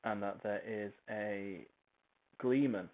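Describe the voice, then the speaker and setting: A man's voice: fairly low pitch, slow. A man in casual, rambling chat at home, swearing freely and wandering off topic as he tidies up. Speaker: podcaster. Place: home, tidying a child's toys. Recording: tinny phone-like recording with faint hiss.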